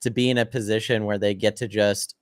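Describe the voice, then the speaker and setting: A young man chats as co-host, working through his ideas out loud in a loose, rambling way. His voice is smooth and resonant, recorded close and dry with no room sound. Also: lowish voice, little pitch movement, brisk, no echo. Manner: rambling, thinks aloud, casual swearing. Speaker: co-host, host's son. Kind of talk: casual chat.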